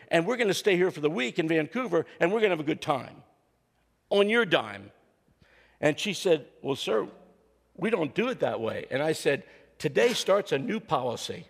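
Gravelly older man preaching in a hall. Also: a little high. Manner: joking storyteller, acts out quotes. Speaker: guest preacher and counselor. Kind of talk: humorous sermon with stories. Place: church sanctuary. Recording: long hall reverb in church.

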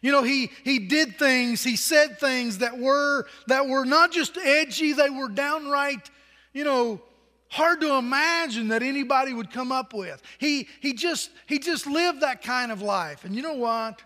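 A man's voice: very high voice, unhurried, pushed and bright, in a large hall. A man pastor preaching a sermon in a conversational way, asking the congregation questions.

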